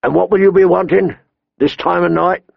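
Gruff jeering guard, pitched up and loud, put on by a male reader, dry lo-fi sound. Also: steady tone, normal speed, dry recording, full character voice. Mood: mocking. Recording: dull lo-fi dry recording.

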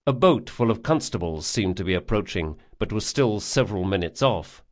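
A man narrating a fantasy audiobook in a measured, vivid storytelling manner. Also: lowish voice, lively intonation. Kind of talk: scripted narration.

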